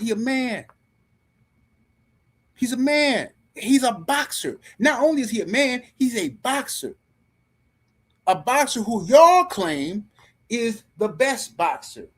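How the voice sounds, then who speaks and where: Hosting a live stream, a man with a very high voice rants about boxing in heated, slangy language, speaking straight to his viewers.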